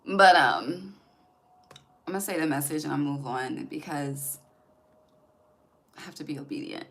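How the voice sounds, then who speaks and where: A woman's voice: sits low, animated, unhurried, fairly bright tone, poor audio. Chatty woman reading tarot. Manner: chatty, emphatic, swears freely, talks to viewers directly. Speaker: tarot reader.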